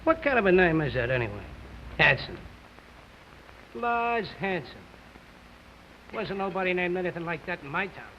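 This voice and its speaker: Sneering bigoted worker, high lively voice, lo-fi old TV. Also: male voice, moderate pace, long pauses. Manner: coarse slangy grumbling. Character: surly bigoted young construction worker. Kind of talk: 1950s live television drama. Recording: dull lo-fi 1950s TV audio with faint hiss.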